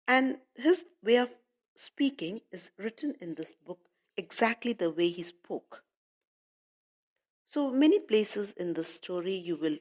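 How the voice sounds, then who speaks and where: A woman's voice: medium pitch, a little mellow. A woman teacher explaining a lesson to children, addressing them directly and repeating points.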